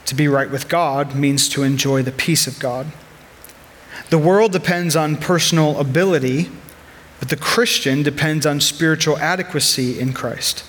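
A man in his thirties delivers a sermon from the pulpit, earnest and conversational. He mixes teaching with personal stories, and his voice sits a little higher than most men's. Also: steady tone, normal speed, fairly bright tone. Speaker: pastor.

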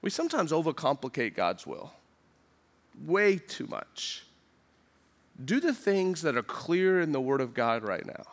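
A man preaching a sermon as pastor, earnest and urgent, asking the listeners questions and acting out what they might say, dropping low and quiet for emphasis. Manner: earnest preaching with rhetorical questions and quoted voices.

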